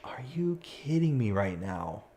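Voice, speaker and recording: A man with a low-leaning, dark, sing-song voice talks a little slowly as he live-streams a farming game. He reads viewer comments aloud in casual chat and mocks himself with abrupt frustrated outbursts.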